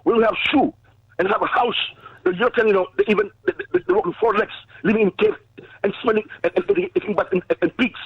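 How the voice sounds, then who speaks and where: A man's voice: sits high, lively intonation, fast talker, slightly rough, no echo. A man from Africa calling in by phone, talking with force and repeating himself, stammering at times. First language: not English. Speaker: caller. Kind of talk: passionate call-in speech. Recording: dull lo-fi phone line.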